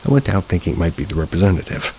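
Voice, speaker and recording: A man narrating a first-person paranormal story in a steady, low-key manner. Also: rapid-fire, a little hiss or hum, low-quality recording. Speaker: narrator of submitted paranormal stories.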